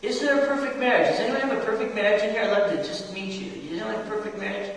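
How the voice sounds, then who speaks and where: This sermon comes from a man with a high-pitched voice who talks at a quick pace, asking questions directly of the congregation. The echoey church hall is recorded through a distant mic with a little hiss or hum.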